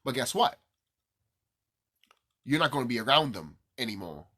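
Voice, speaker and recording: A man's voice: mid-range voice, very animated, moderate pace, sharp tone, husky. A man vlogging to camera in a rambling, profane monologue, repeating himself and ranting, his sinuses stuffed up.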